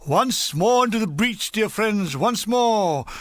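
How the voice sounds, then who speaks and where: A woman's voice: medium pitch, lively intonation, takes it slowly, dry recording. An older woman voicing a soldier who turns famous battle verse into bawdy army banter, in a storybook reading. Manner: bawdy, mock-heroic.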